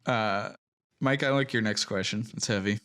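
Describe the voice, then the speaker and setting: A man's voice: lowish voice, normal speed, a bit bright, clean tone. A man hosting a fan podcast in casual chat, steering the discussion in an earnest way. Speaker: podcast host.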